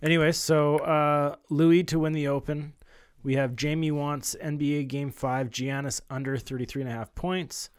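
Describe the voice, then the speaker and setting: A man hosting a casual betting podcast, reading out a list and thinking aloud with many pauses. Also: on the high side, fairly even intonation, clear, resonant tone, no room sound. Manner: hesitant, lots of uh fillers, reasoning aloud. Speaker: podcast host reading out the bets. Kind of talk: casual chat.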